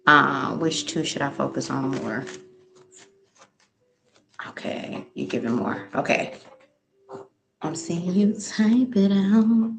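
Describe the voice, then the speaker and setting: Slow-talking woman tarot reader. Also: low-pitched, vocal fry. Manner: chatty, hums and sings to herself while waiting; reads viewers' questions aloud. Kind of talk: live-stream tarot reading, casual chat.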